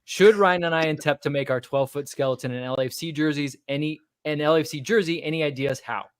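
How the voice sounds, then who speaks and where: A man's voice: a little high, quick pace, clean tone. Easygoing man chatting on a podcast. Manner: easygoing, thinks aloud with fillers. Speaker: podcast co-host. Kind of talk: casual postgame chat.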